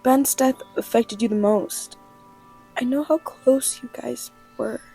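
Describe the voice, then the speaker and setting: Woman playing a soft apologetic young friend, animated short, slow and breathy, fairly high. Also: soft background music, heavily acted, low-quality recording. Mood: remorseful. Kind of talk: animated short film voice acting.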